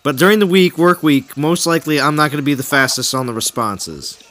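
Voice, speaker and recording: A man's voice: a little high, expressive, brisk, fairly bright tone, slight background noise. Laid-back, sleepy man hosting a stream. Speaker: streamer and channel host. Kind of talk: casual chat, reading out viewer comments.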